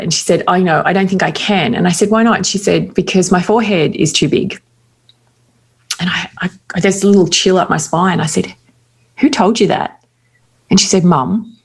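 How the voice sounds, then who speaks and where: A middle-aged woman with an Australian accent talks in a fairly low voice. She tells a personal story candidly in relaxed conversation, with quick asides. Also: husky. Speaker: guest. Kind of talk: casual conversation.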